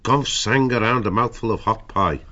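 Deep-voiced male narrator for an audiobook; steady, measured storytelling, lo-fi sound. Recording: dull lo-fi audio.

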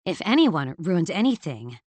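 A woman's voice: lowish voice, big pitch swings, measured pace, dry recording. A woman voicing an icily resolved young woman. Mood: hurt, resolved. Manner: quiet, controlled, icy. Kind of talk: audiobook character voice.

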